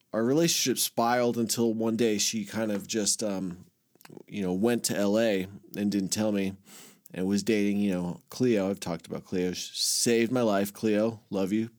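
A man with a lowish, slightly mellow voice tells a long personal story in a casual podcast chat. He rambles and swears, using lots of filler words and self-mocking asides, and laughs at himself.

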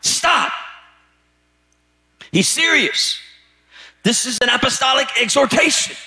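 A pastor preaching a sermon with emphatic, repetitive phrasing that rises to shouted peaks. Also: male voice, high-pitched, lively intonation, a little slow. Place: church sanctuary.

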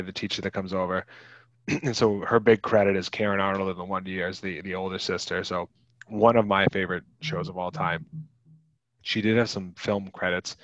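Podcast co-host, male, 30s, low voice, loose rambling delivery, dull lo-fi mic. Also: fairly bright tone, no echo. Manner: rambling, many fillers and restarts. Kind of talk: casual movie podcast chat.

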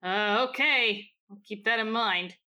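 A woman's voice: mid-range voice, unhurried, pushed and bright. A woman playing in a tabletop game who asks eager, feisty questions. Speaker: player. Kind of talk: tabletop role-play chat.

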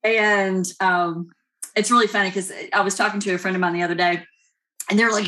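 A woman with a Kentucky accent talks as a guest on a podcast, rambling from one thing to the next and laughing often. Her voice is bright and forward. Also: medium pitch, fairly even intonation, moderate pace. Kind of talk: casual interview chat.

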